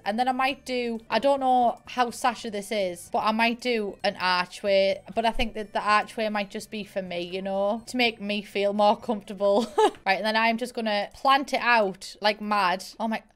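A woman's voice: mid-range voice, fairly bright tone. A woman with a Middlesbrough accent chatting casually while playing a game, teasing, calling people honey and lovey, mocking herself and swearing freely. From Middlesbrough, England. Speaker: gaming YouTuber. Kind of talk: casual gameplay commentary.

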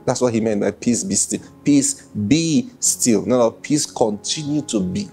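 A pastor preaches at an unhurried pace. He acts out quotes and laughs between points. Soft music plays faintly behind him. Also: medium pitch, vocal fry. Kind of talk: sermon.

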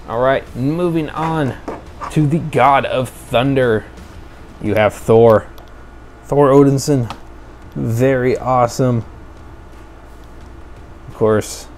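A man casually reviewing toy cars for a video, chatty and enthusiastic, thinking out loud as he goes. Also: on the low side, slight background noise.

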